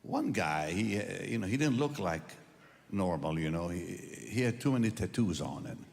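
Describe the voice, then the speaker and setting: Older male preacher, lively hall-echoed storytelling. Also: low-pitched, normal speed, gravelly. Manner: emotional storytelling, swinging from hushed to loud. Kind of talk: testimony sermon. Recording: long hall reverb.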